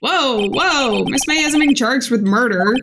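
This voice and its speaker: A woman's voice: high voice, animated, a little slow, vocal fry, background noise, full character voice. A woman reading the lines of a wry, earnest young male defense lawyer in her own voice during a game playthrough. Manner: plain reading with dry asides. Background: game music.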